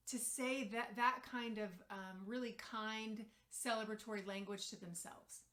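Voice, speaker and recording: A woman's voice: fairly high pitch, a bit bright. A woman speaking as a parent coach, telling a story and giving advice directly to the camera in a conversational way with the occasional filler.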